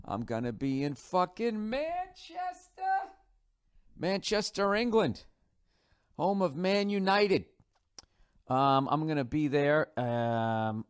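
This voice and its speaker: A man's voice: mid-range voice, no echo, clean studio sound. A man in his forties with a Boston accent hosts a podcast, rambling casually in a sarcastic, profane, offhand way. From United States. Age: 40s. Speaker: podcast host.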